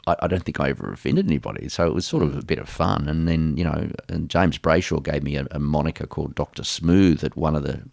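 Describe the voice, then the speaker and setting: A man's voice: rumbling low, fast, gravelly, hardly any pauses, a little mellow, dry recording, studio quality. A middle-aged Australian man, a sports doctor, telling stories in a casual interview and mimicking other people's voices. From Geelong, Australia.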